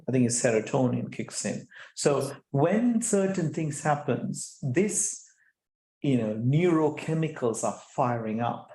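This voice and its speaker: A middle-aged man speaking as a guest, animated, often restarting and repeating words and putting rhetorical questions to the audience. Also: mid-range voice, a little slow. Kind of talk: conversational talk at an online chapter event. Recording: echoey room sound.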